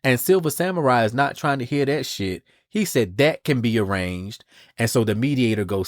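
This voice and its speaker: A man hosting a podcast, recapping a comic book in an animated, casual way with the odd swear word. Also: mid-range voice, normal speed, dry recording, clean studio sound. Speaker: podcast host.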